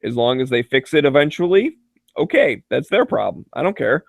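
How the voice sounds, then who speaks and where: A man's voice: mid-range voice, very animated, fairly quick, vocal fry, no room sound, clean studio sound. A man in casual chat, telling joking, profane stories full of filler words and frequent laughter. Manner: loose filler-heavy delivery with many "like"s. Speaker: chat regular.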